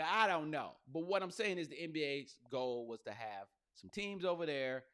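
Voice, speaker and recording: Animated, bright-voiced comedian man. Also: on the high side. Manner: animated, profane riffing with slang. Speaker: comedian podcast host. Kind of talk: comedic podcast monologue.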